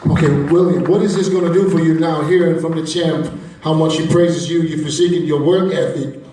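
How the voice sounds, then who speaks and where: A man's voice: a little high, fairly even intonation, fairly quick, mellow, slight background noise. A male interviewer asking athletes long, probing questions at a press conference. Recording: echoey room, distant mic.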